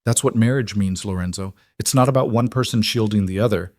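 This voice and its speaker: A man's voice: fairly low pitch, fairly quick, a little mellow, lightly acted. A man voicing a brave, defiant young woman, a bride, who speaks with determined firmness. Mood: tender firm. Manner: determined, firm.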